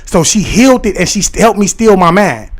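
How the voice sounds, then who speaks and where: A man chatting casually on a livestream, rambling excitedly and talking directly to his viewers and their comments. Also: sits high, a little fast. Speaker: live streamer talking to chat.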